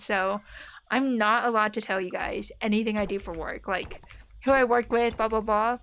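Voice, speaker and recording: A young streamer from the United States, speaking with a neutral American accent, chats with viewers during gameplay. Her medium-pitched, fairly bright voice keeps a moderate pace, rambling with lots of fillers.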